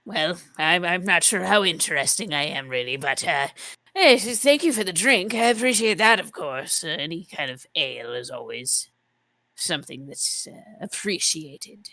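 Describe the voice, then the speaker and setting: A woman voicing a rambling male scholar drinking at a bar, in a put-on Irish accent, hesitant and full of pauses. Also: on the low side, gravelly, sharp tone, dry recording, studio quality. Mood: mild. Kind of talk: voicing a character in a tabletop game.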